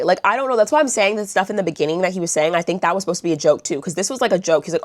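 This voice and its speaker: A woman's voice: on the low side, rapid-fire, few pauses, dry recording, studio quality. A young woman vlogger telling a storytime in a blunt, chatty way, swearing and saying "like" a lot. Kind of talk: storytime vlog.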